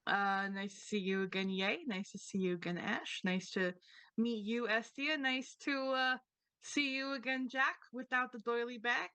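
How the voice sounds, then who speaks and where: A woman's voice: on the high side, fairly even intonation, normal speed, bright, forceful tone, clear, resonant tone, no echo. A woman voicing a cheeky talking crow. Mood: friendly. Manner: casual, cocky greetings.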